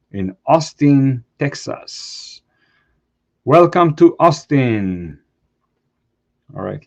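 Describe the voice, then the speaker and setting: A man's voice: mid-range voice, darkish tone, muffled recording. A man hosting a show, reading a post aloud in short phrases and adding brief comments of his own. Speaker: host.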